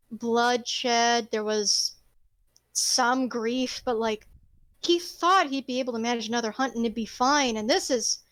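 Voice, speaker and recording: High-voiced woman game master. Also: no echo. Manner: rambling, expressive, swears casually. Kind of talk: narrating a tabletop game.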